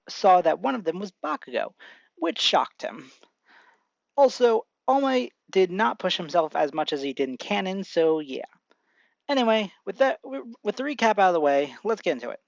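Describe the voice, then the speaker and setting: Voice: medium pitch, no echo, highs cut off. A fan-fiction narrator telling a what-if story in a casual amateur style, restarting and stumbling over words, with chatty asides.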